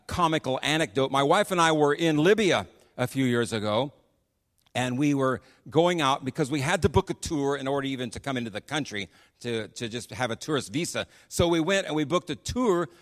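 A middle-aged American man, a missionary preacher, telling stories in a sermon in an animated, chatty way with frequent restarts. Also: mid-range voice. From United States. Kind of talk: sermon with storytelling. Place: church sanctuary on a PA system. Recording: long reverb of a church hall.

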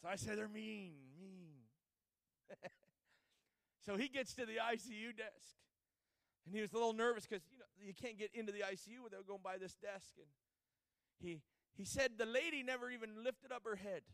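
A man's voice: high-pitched, normal speed, dry recording, clean studio sound. A man preaching a sermon, telling a story dramatically and acting out the people in it.

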